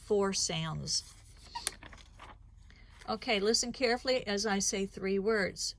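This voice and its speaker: Woman teacher, phonics lesson, slow careful enunciation, mid-range pitch. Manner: slow, deliberate sound-by-sound enunciation.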